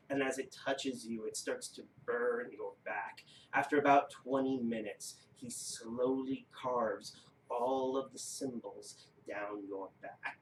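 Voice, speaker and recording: A man narrating as game master of a tabletop game, unhurried and halting. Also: medium pitch. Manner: unhurried, with frequent uh fillers. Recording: roomy, distant mic with faint noise.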